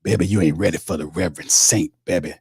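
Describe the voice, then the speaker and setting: A boastful, smooth-talking reverend, put on by a man. He drawls "baby" after nearly every phrase in a low, husky voice. The sound is dry and close, with no room around it. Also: fairly even intonation, fast talker, darkish tone, no room sound, heavily acted.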